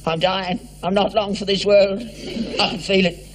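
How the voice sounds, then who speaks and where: A man's voice: high-pitched, little pitch movement, unhurried, background noise. A grumpy selfish old father. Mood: self-pitying. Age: older. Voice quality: wheedling, cockney-dropped speech. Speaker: actor in a sitcom. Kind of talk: 1960s sitcom acting.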